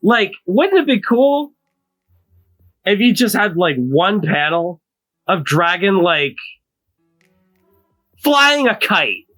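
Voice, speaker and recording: A podcast co-host in casual chat, talking slowly and playfully. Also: mid-range voice, very animated, a bit bright, soft background music, poor audio.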